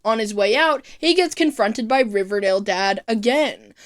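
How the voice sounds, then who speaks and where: A woman's voice: a little high, lively intonation, moderate pace. A woman narrating a show recap in a casual, breezy way, with profanity and jokey asides. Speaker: video recap host.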